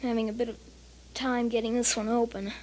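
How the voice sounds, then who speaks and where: Woman calmly explaining a hobby. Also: fairly high pitch, quick pace, slight background noise, rough recording. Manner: plain matter-of-fact explaining, occasional hesitation. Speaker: hobbyist explaining model rockets. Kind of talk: casual show-and-tell explanation.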